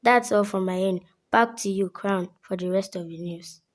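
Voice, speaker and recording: A woman reading the sports news in a steady, formal style as anchor. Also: medium pitch, normal speed. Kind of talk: read news bulletin.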